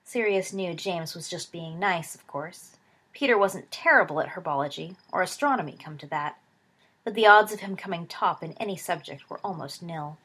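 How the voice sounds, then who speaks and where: Breathy, low-voiced woman narrating a story. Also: moderate pace. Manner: steady, drops low and soft for dialogue tags. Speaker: reader.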